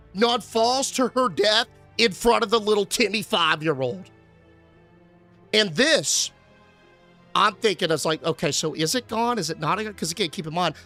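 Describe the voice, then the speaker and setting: A man's voice: high-pitched, normal speed, soft background music. A male streamer recapping a horror film in a casual, sarcastic rant, cursing now and then. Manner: animated, sarcastic, swears casually.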